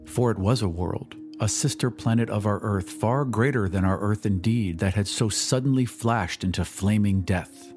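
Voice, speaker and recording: A man with a low voice narrates a story in a measured, dramatic way. Faint music plays softly beneath his reading. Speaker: audiobook narrator. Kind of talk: scripted narration.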